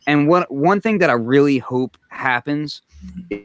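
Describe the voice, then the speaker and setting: A man's voice: a little high, measured pace, smooth, no room sound. Joking slangy man on a podcast. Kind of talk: casual chat about music production gear.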